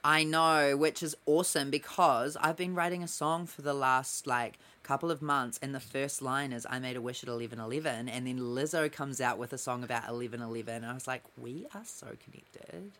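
A man in his thirties co-hosting a podcast in casual chat, teasing his co-host with quick, playful banter. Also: mid-range voice, fairly even intonation, pushed and bright.

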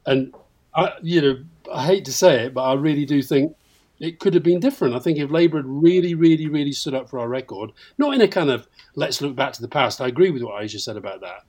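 A man's voice: animated, quick pace. Reflective older man chatting. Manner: reflective, trails off into a lower, quieter voice. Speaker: podcast host. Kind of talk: casual chat.

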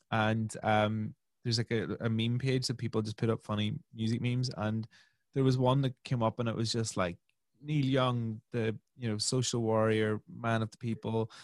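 A man's voice: mid-range voice, no echo. A man hosting a podcast, chatting eagerly, telling anecdotes and laughing often as he asks questions. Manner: chatty, laughing, lots of fillers and restarts, storytelling. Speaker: podcast host. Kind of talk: casual interview conversation.

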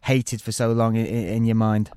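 A man co-hosting a casual combat-sports podcast, chatty and quick to agree. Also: fairly low pitch, little pitch movement, mellow, smooth, no echo, clean studio sound. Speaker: podcast co-host. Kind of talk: casual chat.

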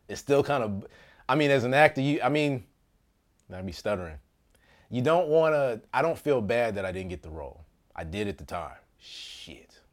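A man tells a story from his own life in a loose, comedic way, his pitch swinging high and low as he goes. He laughs often, gets loud in the exciting moments and drops to a near hush for asides. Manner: animated, laughs often, jumps between loud bursts and hushed asides. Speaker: actor.

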